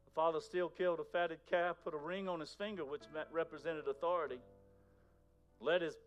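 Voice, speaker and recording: A man preaching a sermon in a conversational way, moving between loud emphasis and near-whispers. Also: fairly high pitch, steady tone, fairly quick, faint music behind. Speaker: pastor.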